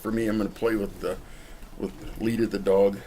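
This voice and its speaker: Low-voiced guy rambling thru a cigar review outside, jokey, faint noise behind. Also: level tone, a little fast, warm tone. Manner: chatty, jokey, talks straight to the viewer. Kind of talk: casual rambling vlog review. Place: outdoors in the cold.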